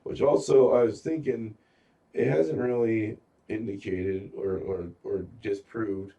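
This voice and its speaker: A man with a low, gravelly, dark voice chimes in with relaxed asides during a casual recap chat. He sits away from the microphone, which gives his voice a distant sound. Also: slow, highs cut off. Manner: laid-back, brief agreeing interjections. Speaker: podcast co-host.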